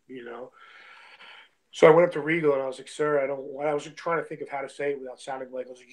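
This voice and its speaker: A young man, a guest on the show who works as an independent wrestler, tells a story in a loose, chatty way, scattering "like," "bro," and "you know what I mean" throughout. His mid-range voice holds a steady tone at a quick pace. The recording is rough.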